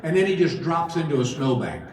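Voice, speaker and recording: This middle-aged stand-up comedian, high-pitched with big pitch swings and a brisk delivery, tells folksy stories and plays both sides of each exchange. Heard from a distance on a large casino theater stage in a roomy live hall, he has a laughing crowd behind him.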